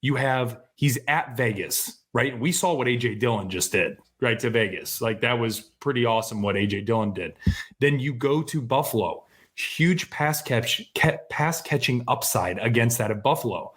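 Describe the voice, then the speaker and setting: A man co-hosting a fantasy football podcast, talking in excitable, profane, casual sports chat. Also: mid-range voice, normal speed. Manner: excitable, swears freely, laughs at himself.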